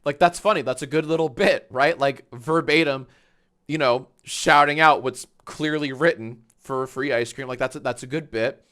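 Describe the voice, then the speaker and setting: A man's voice: mid-range voice, moderate pace, a bit bright. A man hosting a casual livestream, reacting to videos with sarcastic, profane rants. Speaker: livestream host.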